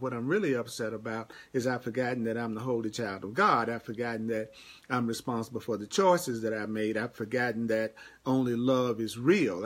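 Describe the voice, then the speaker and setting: A man's voice: medium pitch, breathy edge. A man giving a live-streamed spiritual teaching, emphatic and repetitive, answering viewer comments by name. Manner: repetitive, emphatic, repeats key phrases.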